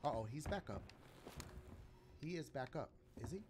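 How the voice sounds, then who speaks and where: A man playing a video game and reacting aloud, swearing and yelling at the game and chatting to his viewers. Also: on the high side, animated, normal speed, background noise. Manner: talks to viewers as "y'all". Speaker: gaming video host. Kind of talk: let's play commentary. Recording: loud game sounds behind voice.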